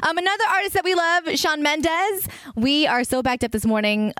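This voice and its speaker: A woman co-hosting a morning radio show talks briskly and casually and chimes in with quick reactions. Her voice sits fairly high. The studio sound is close and dry. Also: a bit bright, no room sound.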